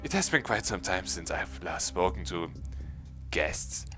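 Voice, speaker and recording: A man voicing a formal, courteous undead mastermind in a game, speaking in a measured way. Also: low-pitched, big pitch swings, fairly bright tone, soft background music, exaggerated voice. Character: polite undead zombie mastermind gentleman.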